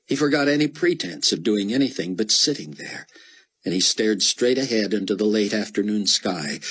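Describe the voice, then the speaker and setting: Husky male audiobook narrator. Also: fairly low pitch, a bit bright, poor audio. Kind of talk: scripted narration.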